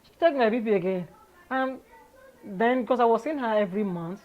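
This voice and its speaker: A Nigerian woman, an interview guest, telling her own story in a candid, lively way and laughing often. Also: a little high, normal speed, phone-quality sound.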